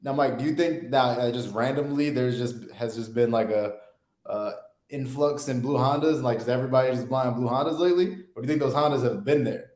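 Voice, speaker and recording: A man's voice: mid-range voice, a little fast, a little mellow. Young man explaining in an echoey room. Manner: loose, filler-heavy, keeps asking "right?". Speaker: podcast co-host. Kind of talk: casual explaining chat.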